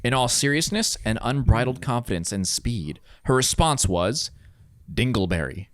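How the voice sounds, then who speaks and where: A man co-hosting a podcast in casual chat, telling stories with lively acted-out quotes and teasing his partner. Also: medium pitch, normal speed, no room sound. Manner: animated storyteller, acts out quotes, teasing. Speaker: podcast co-host.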